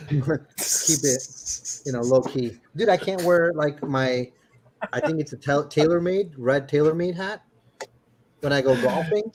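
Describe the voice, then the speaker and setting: A man's voice: a little high, a little slow, pauses often, a little mellow, a little hiss or hum. A man hosting a stream, chatting casually and joking with his co-hosts. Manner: joking, laughing, trailing off. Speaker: stream host. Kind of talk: casual chat.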